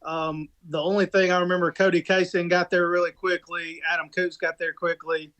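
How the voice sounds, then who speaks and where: A man's voice: high voice, flat delivery, a little fast, pushed and bright. A man co-hosting a casual podcast, retelling a race crash in a rambling way full of restarts and fillers. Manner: rambling storytelling with many restarts. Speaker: podcast co-host and rock racer.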